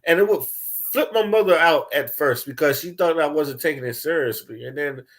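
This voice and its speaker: A young man ranting casually, telling loose, profane stories with lots of laughter and swings between loud bursts and low mumbles. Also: fairly quick. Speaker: commentator. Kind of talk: casual rant.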